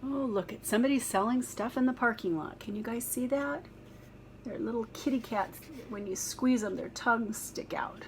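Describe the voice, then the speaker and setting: A woman reads a picture book aloud to children, with a slightly high voice. She breaks off into gentle, chatty asides, pointing things out to her young listeners. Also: moderate pace, slight background noise. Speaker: nurse reading a children's book.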